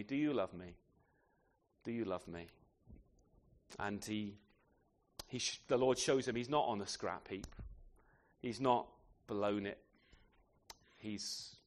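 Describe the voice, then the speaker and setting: A man preaching a sermon in a conversational way, often tagging his points with questions to the listeners. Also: mid-range voice. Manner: conversational, rhetorical tag questions.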